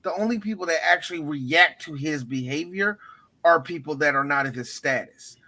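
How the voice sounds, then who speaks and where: A man co-hosting a podcast, a bit high with a bright, sharp tone. He trades crude jokes and laughs loudly. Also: normal speed. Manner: loud, laughing, crude banter. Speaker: podcast co-host. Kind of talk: casual chat.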